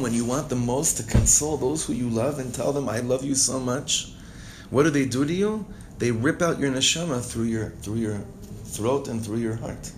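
A man teaching a Torah class, reading Hebrew lines and explaining them with strong emotion. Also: slight background noise. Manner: reads Hebrew text, then translates and explains with emotion; expressive, rises in pitch and volume when stirred. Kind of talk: text-based Torah class.

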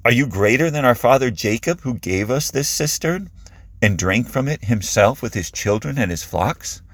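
A man's voice: fairly low pitch, normal speed, no echo, studio quality, lightly acted. A man voicing a puzzled Samaritan woman at a well, asking incredulous questions in a raised voice.

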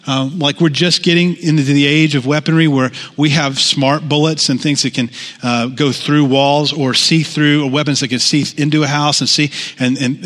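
A man's voice: fairly high pitch, a bit bright, in a large hall. A man preaching a sermon as pastor, talking conversationally with repeated phrases and rising intensity.

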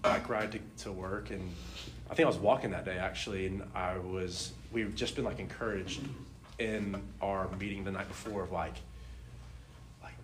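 A young man telling a personal faith testimony in a casual, animated way, laughing often and filling his talk with "like". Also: low voice, normal speed, noisy background. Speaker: speaker sharing a testimony.

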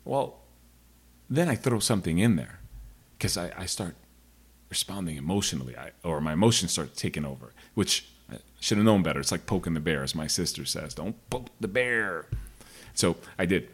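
Man with a low husky voice. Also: expressive, a little fast. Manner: rambling, digressive, frank. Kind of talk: casual storytelling monologue.

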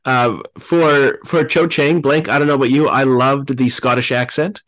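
A man's voice: medium pitch, steady tone, moderate pace, fairly bright tone, poor audio. A man co-hosting a casual podcast, giving easygoing opinions and agreeing often with his partner. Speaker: podcast co-host.

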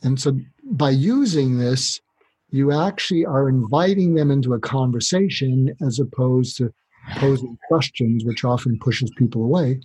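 A man speaking as a doctor guest on a podcast interview, explaining calmly and acting out short exchanges to demonstrate. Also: mid-range voice, normal speed, breathy edge, rough recording. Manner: calm, explanatory, demonstrates dialogue.

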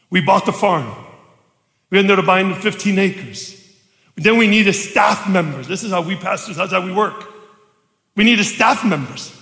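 Middle-aged guy pastor preaching, high bright voice, acts out all the dialogue, big echoey church hall. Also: measured pace, vocal fry. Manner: animated storytelling, acting out dialogue, shouting for emphasis. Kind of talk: storytelling sermon. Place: church sanctuary.

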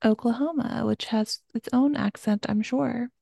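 Woman co-host from Georgia and Maryland, jokey, slightly high, gravelly voice. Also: measured pace, warm tone, no echo, studio quality. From Georgia and southern Maryland, USA. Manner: playful, jokey, presents the research. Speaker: podcast co-host. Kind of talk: casual chat.

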